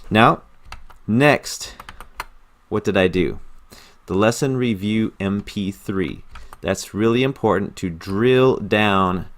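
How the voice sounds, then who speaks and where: A man with a somewhat low voice talks through his study routine in a casual screen-recorded tutorial. He sounds earnest and enthusiastic, often repeating words to stress a point. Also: slow. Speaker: language learner explaining his study method.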